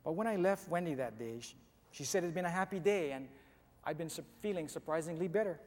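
A man narrating a dramatic story in the first person, with an expressive, halting delivery. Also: a little high. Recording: long hall reverb with soft music.

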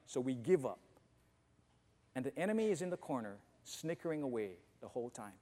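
A man's voice: medium pitch, animated, fairly quick, warm tone. A man preaching a sermon as pastor, speaking conversationally and asking the congregation questions, in a church auditorium. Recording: long reverb of a church hall.

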